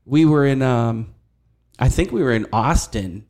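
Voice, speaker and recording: A middle-aged man, a podcast guest, recalling old times in relaxed, casual chat. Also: medium pitch, a little slow. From Erie, Pennsylvania. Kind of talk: casual conversation.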